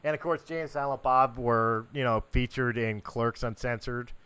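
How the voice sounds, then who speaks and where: A male podcast co-host in casual conversation. His voice is bright and smooth, and he asks questions in an easygoing way. He laughs easily between his points. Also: medium pitch, steady tone, normal speed, no room sound.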